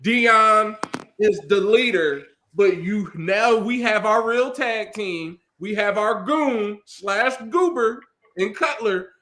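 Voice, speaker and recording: A man's voice: sits high, takes it slowly, bright, forceful tone. A man co-hosting a casual podcast, joining in with laid-back, slangy banter. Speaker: podcast co-host. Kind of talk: casual wrestling recap chat.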